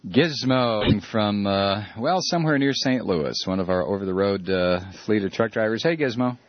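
A man's voice: on the low side, moderate pace. A male radio talk show host taking calls, talking with passion and rant, often restarting his sentences. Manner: impassioned, ranting, many restarts. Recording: muffled lo-fi broadcast audio.

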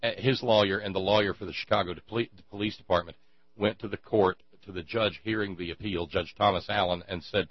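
A man giving an indignant, sarcastic monologue, halting often with fillers as he builds his points. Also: sits low, steady tone, no echo. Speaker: commentator. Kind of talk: ranting monologue. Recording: dry, dull lo-fi with mains hum.

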